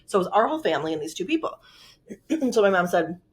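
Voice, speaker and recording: A woman's voice: mid-range voice, big pitch swings, fast, slightly rough. A woman vlogger telling a personal story in a rambling, emotional way with lots of filler words. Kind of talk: casual storytelling.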